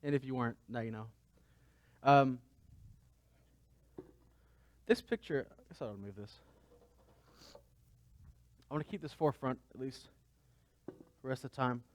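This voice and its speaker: A man's voice: medium pitch, a little slow, pauses often. A man pastor giving a conversational sermon, asking the congregation rhetorical questions.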